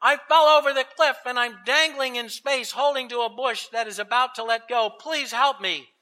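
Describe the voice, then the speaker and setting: A male preacher voicing a terrified tourist hanging from a cliff, pleading loudly in a higher voice. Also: normal speed. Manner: pleading, frantic.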